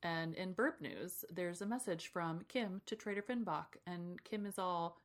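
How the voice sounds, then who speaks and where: A woman's voice: on the low side, measured pace, hardly any pauses. A woman co-hosting a podcast, casually recapping a book chapter with lots of laughter and acted-out character voices. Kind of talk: casual chat.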